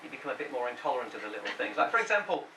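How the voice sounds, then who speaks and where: Very animated and very fast, a mid-range male voice runs through a stand-up set, riffing with the audience and mimicking those he quotes as the club laughs. Heavy background noise fills the distant, roomy live recording.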